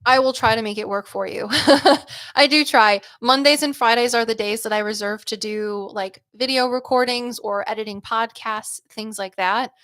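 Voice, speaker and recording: A woman's voice: on the high side, fairly even intonation, fairly bright tone, dry recording. A woman hosting a casual livestream as a psychic medium, chatting loosely with lots of "like" and "um" and reading out viewer comments. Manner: chatty and loose, heavy use of "like" and "um", quick laughs.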